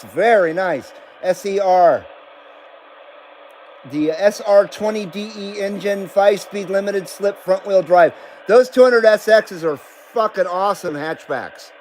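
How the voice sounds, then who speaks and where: A middle-aged man with a fairly high voice rambles casually through a live radio stream. He talks in a loose, laid-back way and swears freely. A faint hum sits behind him. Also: darkish tone, low-quality recording. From Nevada, US. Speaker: CB radio livestream host.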